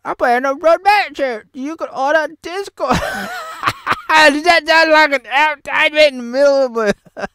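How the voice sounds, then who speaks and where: A woman's voice: high voice, sing-song, unhurried, fairly bright tone, no echo. A woman rambling through a comedic film review vlog, giggling often and jumping between silly voices and asides.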